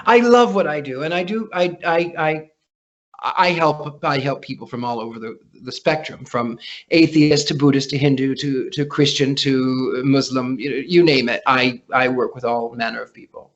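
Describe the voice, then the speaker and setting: Stammering, animated man on a dull recording. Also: medium pitch, moderate pace. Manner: animated, repeats words when starting sentences. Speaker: psychic guest. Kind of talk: casual storytelling interview. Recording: dull lo-fi podcast audio.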